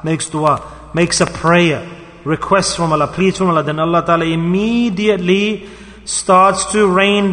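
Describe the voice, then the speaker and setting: Male preacher, high and bright, emphatic storyteller, hall reverb. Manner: storytelling, emphatic, rising and falling. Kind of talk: sermon.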